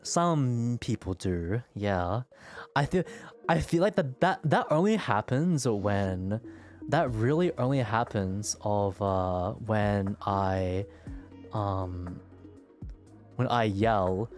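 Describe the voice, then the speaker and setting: A man's voice: on the low side, animated, takes it slowly, a little mellow, faint music behind. A man streaming and chatting casually with his viewers, stuttering and repeating words as he talks.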